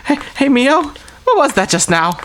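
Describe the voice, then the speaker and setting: A woman reading aloud as a nervous schoolgirl who asks anxious questions, in a higher voice than her own. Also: very animated, moderate pace, fairly bright tone, a little hiss or hum. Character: nervous, jumpy schoolgirl lost in the dark. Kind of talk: reading game dialogue aloud.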